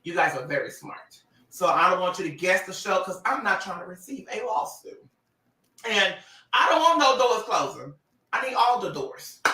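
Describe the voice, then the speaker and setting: A man chatting on a livestream in a bright, forceful voice, sassy and animated, breaking into laughs. The room is echoey and he sits a little back from the mic. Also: high-pitched, far from the mic. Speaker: social media personality on a livestream. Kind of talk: casual livestream talk to followers.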